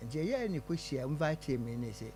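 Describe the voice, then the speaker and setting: Lively man caller telling a story. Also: a little high, moderate pace. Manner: lively, retelling events at length. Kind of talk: call-in phone story.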